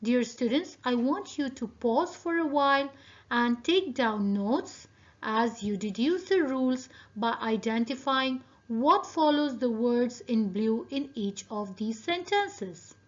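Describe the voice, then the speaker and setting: A woman teacher giving a recorded video lesson, speaking deliberately and addressing her students directly. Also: a little high, expressive. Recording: dull lo-fi video audio.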